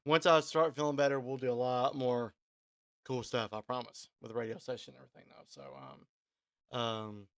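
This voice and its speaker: A man's voice: medium pitch, little pitch movement, brisk, dry recording. A man from Kentucky, hosting an online radio show and signing off in a rambling, casual way. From Kentucky, USA. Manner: rambling, full of ums and restarts. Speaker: radio host and DJ. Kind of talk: casual live-stream sign-off.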